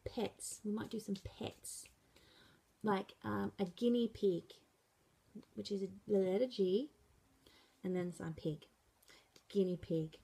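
A woman teacher talks through animal signs at an unhurried pace, naming each one aloud as she demonstrates. Her voice is husky with a gravelly edge. She sounds patient and steady throughout. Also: mid-range voice. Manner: slow and patient, saying each sign word aloud. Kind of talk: sign language lesson. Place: school room.

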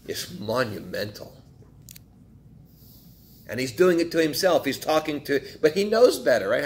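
A male pastor preaching a sermon in a conversational way, asking his listeners questions and acting out quotes from the text. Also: medium pitch.

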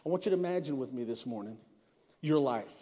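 A man preaching a sermon as pastor, calling out to his congregation, swinging between loud emphatic lines and slow, quiet ones. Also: mid-range voice, lively intonation. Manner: call-and-response with the congregation. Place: large church hall. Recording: long church reverb.

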